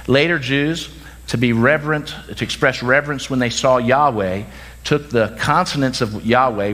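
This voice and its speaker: Speaking as pastor, a man delivers a sermon in an easy, conversational way full of quick asides and self-corrections, and he admits to being tired. His voice is medium-pitched and a bit bright.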